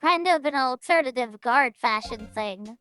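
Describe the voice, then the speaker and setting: A woman's voice: sits high, animated, a little slow, a bit bright, faint music behind. A woman voicing a chatty male security guard who rambles and gossips while she reads game dialogue aloud. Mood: gossipy.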